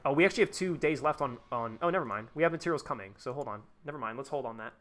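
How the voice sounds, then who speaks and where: A man's voice: medium pitch, animated, rapid-fire, a bit bright. A young man live-streaming a game, chatting casually and rambling with lots of fillers and restarts. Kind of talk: casual gameplay commentary.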